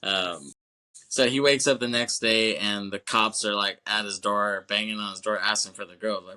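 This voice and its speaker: A man's voice: fairly low pitch, steady tone, moderate pace, pushed and bright. A man co-hosting a podcast, casually retelling a film's plot in a loose, rambling way, swearing and laughing often. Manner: loose, rambling retelling with fillers and acted quotes. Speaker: podcast co-host. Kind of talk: casual film recap chat.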